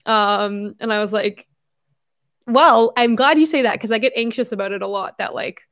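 A woman's voice: medium pitch, normal speed, a bit bright. A young woman hosting her own livestream, chatting casually and rambling with frequent fillers and laughs.

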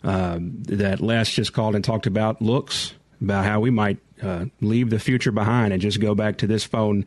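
A man hosting a call-in tech radio show, relaxed and joking as he takes callers. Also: lowish voice, normal speed, no echo, studio quality. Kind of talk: casual call-in radio talk.

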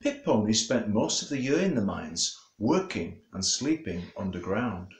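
A man's voice: fairly low pitch, unhurried, a little hiss or hum. A male storyteller and author telling a children's story and reading a bedtime book in a playful way. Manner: lively, playful, talks straight to children.

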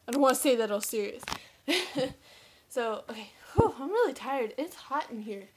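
A woman's voice: on the high side, expressive, fairly quick, background noise. Giggly young woman with a twang. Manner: giggly, playful, teasing. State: out of breath. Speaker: vlogger. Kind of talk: casual chat. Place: bedroom.

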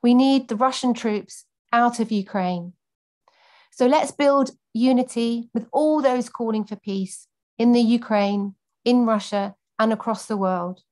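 A woman's voice: on the high side, unhurried, darkish tone. Earnest woman campaign speaker. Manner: earnest, many fillers when answering off the cuff. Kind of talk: prepared political speech and answering questions.

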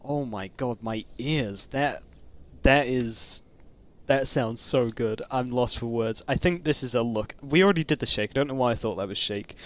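A man giving casual commentary on a game mod, excitable and gushing, with frequent exclamations. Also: mid-range voice, moderate pace. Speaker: gaming commentator.

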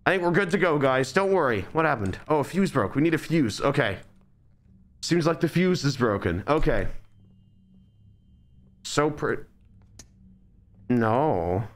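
A man's voice: fairly high pitch, expressive, a little slow, long pauses. A man giving live, nervous, rambling commentary while streaming a game.

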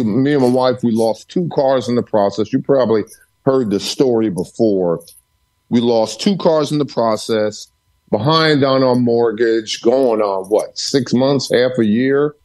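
A man's voice: medium pitch, darkish tone. Emphatic man with a preacher's repetition. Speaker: podcast guest, author. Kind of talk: storytelling interview. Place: home study.

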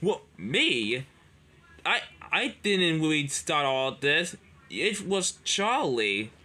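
A man's voice: fairly high pitch, sing-song, slow pace, bright, forceful tone, a little hiss or hum, heavily acted. Man voicing a guilty male engine, stammering, evasive.

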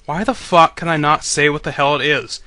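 A man's voice: fairly high pitch, steady tone, normal speed, pushed and bright, no room sound. A man commentating on a video game he is playing, swearing constantly and griping sarcastically at the characters. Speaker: let's play commentator.

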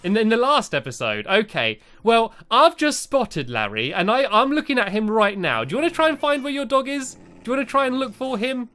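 A young man giving cheerful, excitable commentary while playing a game and chatting to a friend and to his viewers. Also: extremely high pitch, a little fast, hardly any pauses. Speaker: gaming video host. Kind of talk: playful let's-play commentary.

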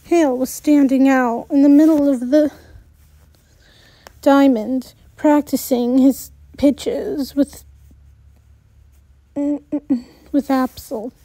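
A woman's voice: high-pitched, fairly even intonation, drawn-out words, pauses often, mellow, dry recording. A woman reading a first-person story aloud, with restarts and little asides. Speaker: story reader.

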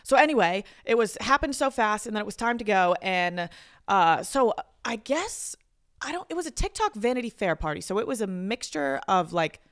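A woman's voice: mid-range voice, very animated, fairly bright tone. A woman co-hosting a podcast, telling a story in casual chat, swearing often and filling her talk with fillers. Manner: fast, chatty storytelling with frequent swearing and fillers. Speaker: podcast co-host.

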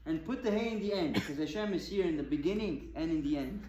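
A man's voice: a little high, lively intonation, quick pace, mellow, a little hiss or hum. A male rabbi giving a Torah talk, firing rhetorical questions at his audience with emphasis. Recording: echoey room with faint ambience.

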